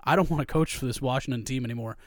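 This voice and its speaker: A man's voice: mid-range voice, very fast, no room sound. Guy ranting about football, swears a ton, dry close mic. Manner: profane, ranting, heated. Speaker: podcast co-host. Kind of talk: casual sports chat.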